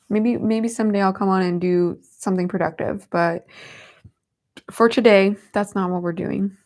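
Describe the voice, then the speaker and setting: A young woman in her twenties hosting a casual livestream from home, chatting with viewers and reading their comments. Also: medium pitch. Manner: chatty, giggly, coos softly at her cat. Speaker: livestream host.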